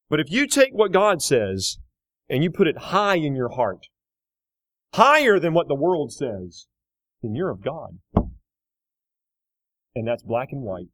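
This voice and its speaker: Emphatic preacher with a lively voice. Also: male voice, on the high side, a little slow, long pauses, no echo. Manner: emphatic, rising to loud repeated questions. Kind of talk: sermon.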